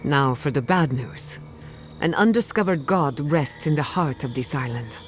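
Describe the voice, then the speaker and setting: An actor voicing a calm, measured adviser who speaks gravely in a video game. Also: medium pitch, soft background music, natural voice.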